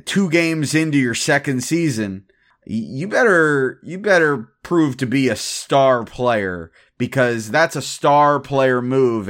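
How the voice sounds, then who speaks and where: A man's voice: medium pitch, a bit bright. Opinionated male sports podcast co-host. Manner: opinionated, measured, with frequent restarts. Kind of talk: casual sports podcast chat.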